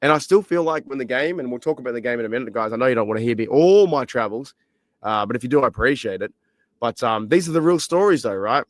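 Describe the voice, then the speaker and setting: Australian male podcast host, voice shot and hoarse, chatty and rambling, mid-pitched, close and dry sound. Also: fast, no room sound. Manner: rambling, excitable, many fillers. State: hoarse, lost voice. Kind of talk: casual solo podcast chat. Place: library.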